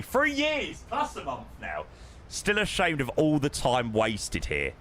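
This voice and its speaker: A man's voice: mid-range voice, a bit bright, slight background noise. A young man casually chatting with his live-stream viewers while flying a sim, matey and greeting people by name.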